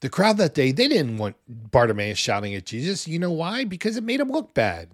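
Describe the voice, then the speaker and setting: A man in his forties preaching a sermon in a conversational, animated way, with loud bursts when he acts out what people say. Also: fairly high pitch, a little fast, no room sound, clean studio sound. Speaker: pastor.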